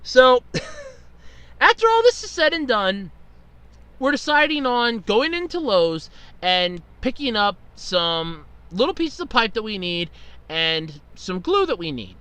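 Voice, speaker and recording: A podcast host tells a long, exasperated story in a rambling way and swears freely. His voice sits high and swings widely in pitch. It sounds bright and dry, close to the mic. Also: big pitch swings, slow pace, clean tone, no room sound. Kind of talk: casual storytelling monologue.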